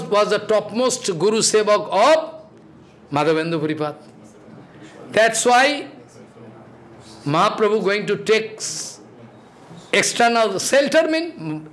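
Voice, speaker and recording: Male preacher, high voice, broken English, quizzes and scolds the congregation. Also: fairly bright tone. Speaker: spiritual teacher. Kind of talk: devotional sermon.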